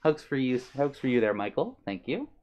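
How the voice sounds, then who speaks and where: A man on a live stream, chatting with viewers in a friendly, easygoing way. His pitch sits in the middle for a man. He reads chat messages aloud and fills the gaps with ums and uhs. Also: sing-song, a little fast, darkish tone, dull audio. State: a little out of breath. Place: his own room on stream.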